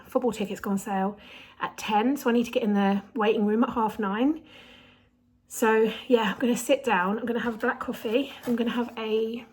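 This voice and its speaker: Thirties woman, casual vlogger, husky and breathless, chatty. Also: medium pitch, rough recording. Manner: chatty, rambling, self-deprecating. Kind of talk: casual vlog chat.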